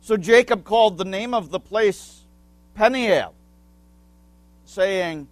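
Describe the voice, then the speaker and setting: A male pastor delivers a sermon at an unhurried, deliberate pace. His voice sits a little high for a man. He teaches with small asides and puts questions to the congregation, waiting for answers. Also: no room sound.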